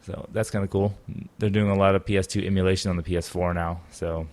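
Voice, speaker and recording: A man's voice: low-pitched, flat delivery, quick pace, darkish tone. A man hosting a casual gaming podcast, rambling with many fillers and restarts. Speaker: podcast host.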